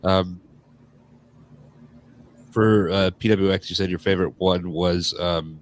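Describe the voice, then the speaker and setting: A podcast host with a very low voice chats casually, leaning on "like" as a filler. He sounds relaxed and loose rather than scripted. A faint hiss sits behind him. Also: slow pace. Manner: loose, filler-heavy, frequent "like". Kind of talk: casual interview chat.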